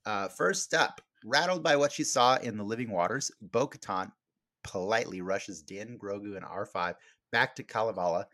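A man's voice: on the low side, a bit bright, dry recording, studio quality. A man hosting a podcast, chatting casually and rambling, with many fillers and restarts. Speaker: podcast host.

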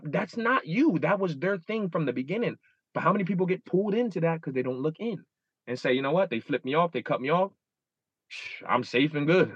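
A man's voice: a little high, fairly bright tone, slightly rough, dry recording, highs cut off. A man in his thirties, a guest in a casual interview, telling stories animatedly and acting out his own inner dialogue. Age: 30s.

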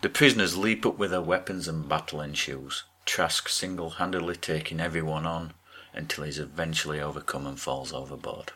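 Low-voiced man doing a wry recap. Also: a little fast, hardly any pauses. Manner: wry, deadpan asides. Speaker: podcast co-host. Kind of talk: recapping a TV episode, joking.

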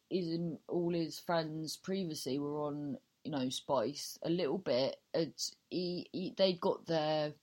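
A woman hosting her own podcast, improvising a silly story with lots of restarts, swearing freely and joking at her own expense. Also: low-pitched. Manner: swears freely, self-mocking humour. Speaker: podcast host and comedian. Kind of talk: casual solo podcast chat.

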